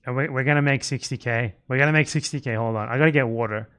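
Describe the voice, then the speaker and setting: A man hosts a livestream in casual banter, blunt and sarcastic, with frequent swearing. He talks quickly, at a mid-range pitch for a man. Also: a bit bright, smooth. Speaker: livestream host.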